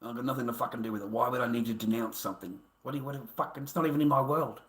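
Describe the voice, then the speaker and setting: A man's voice: mid-range voice, rapid-fire, fairly bright tone, reverberant. An Australian man livestreaming an angry, profane, combative rant at his viewers.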